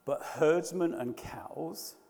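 A man's voice: on the high side, takes it slowly, vocal fry, warm tone, long reverb tail. A man preaching a sermon, conversational and hesitant, often restarting his sentences. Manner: hesitant, frequent restarts and fillers.

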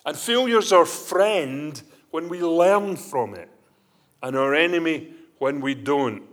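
A man's voice: fairly high pitch, lively intonation, slow pace, a bit bright. A man preaching a sermon, telling illustrations and reading scripture with rising emphasis.

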